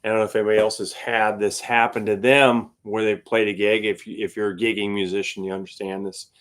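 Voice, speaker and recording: A man's voice: on the low side, little pitch movement, a little fast, fairly bright tone. A man hosting his own channel and chatting casually as a gigging guitarist, telling stories with lots of fillers and laughs. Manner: rambling storyteller with many fillers and laughs. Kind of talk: casual chat to a live stream audience.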